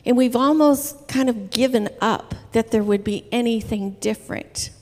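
A woman preaching a sermon in a church, telling her story in an earnest, measured way. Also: a little high, a little mellow. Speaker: guest preacher. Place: church sanctuary. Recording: reverberant church hall.

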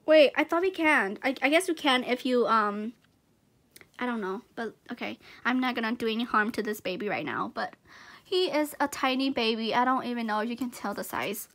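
A woman's voice: a little high, moderate pace, fairly bright tone. A young woman gushing and giggling as she unboxes gifts in a casual vlog.

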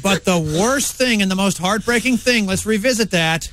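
Male co-host, wry and matter-of-fact, high-ish voice, dry booth. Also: moderate pace, fairly bright tone, no echo. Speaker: radio co-host. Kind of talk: morning radio banter.

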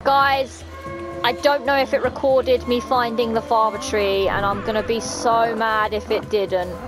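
A woman giving casual let's-play commentary, excitable and gasping, talking straight to the characters on screen. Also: a little high, measured pace. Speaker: gaming video host. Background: game music.

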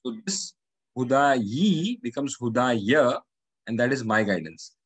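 Husky man teaching Quranic Arabic grammar. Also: medium pitch, expressive, brisk, a bit bright, dry recording, rough recording. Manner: methodical, repeats each word and its meaning.

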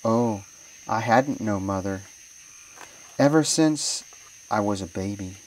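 A heartbroken young orphan boy pleads and laments in a storybook tale, as a man reads his lines. The voice stays low and unhurried, heard from some distance with faint insects chirping behind. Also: a little mellow, a little hiss or hum. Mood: grieving. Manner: sobbing, pleading.

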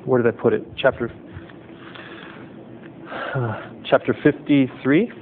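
A male pastor preaching a sermon in short, emphatic phrases, then leading the congregation in fervent prayer. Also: unhurried. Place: chapel service. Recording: tinny lo-fi recording with low rumble.

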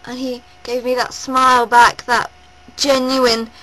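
A woman vlogging at home, gushing and rambling in a breathless, excited rush. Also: fairly high pitch, unhurried, low-quality recording. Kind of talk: excited personal vlog. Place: at home indoors.

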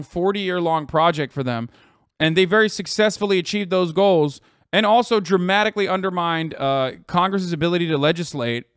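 A man livestreaming heated political commentary, angry and profane, talking straight to his chat in rapid rants. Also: sits high, fairly bright tone, dry recording, clean studio sound. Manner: talks to chat directly.

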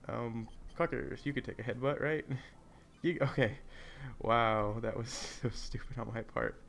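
A man with a creaky, slightly bright, medium-pitched voice casually commentates a video game let's play at an unhurried pace. Rambling and easily distracted, he keeps his voice down in an echoey hotel room, with slight background noise.

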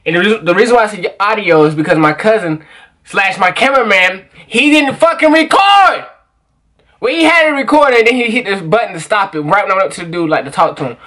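A man hosting a prank channel, telling a storytime to the camera in an excitable, slangy way with sudden high-pitched outbursts. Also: quick pace.

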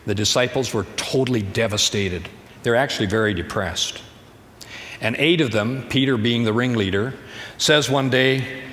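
A man's voice: medium pitch, moderate pace, fairly bright tone. A man pastor preaching a sermon in a conversational, storytelling manner, recorded in a church sanctuary. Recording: church hall reverb, faint ambience.

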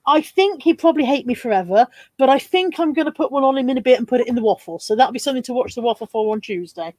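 A woman's voice: high-pitched, expressive, quick pace, darkish tone, no echo. A woman hosting a live haul stream, chatty and jokey, reading out viewer comments and laughing often. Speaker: livestream host. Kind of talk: casual live haul chat.

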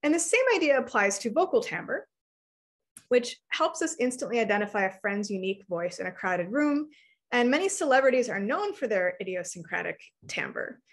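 A woman's voice: fairly high pitch, very animated. Woman giving an academic lecture. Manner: clear, measured explaining.

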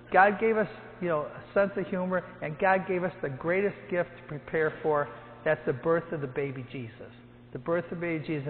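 A priest in his seventies, a hospital chaplain, telling jokey stories to his parish and acting out the quotes. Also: high-pitched. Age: 70s. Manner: storytelling, jokey, acts out quotes loudly. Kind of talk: humorous talk to a parish gathering. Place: church. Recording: tinny, with long hall echo.

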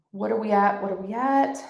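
A woman with a drawl hosts a casual crafting livestream from her home craft room. She reads comments aloud and gushes over her viewers, effusive and easily excited. Her voice sits at an ordinary pitch for a woman. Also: vocal fry. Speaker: livestream host of a crafting channel.

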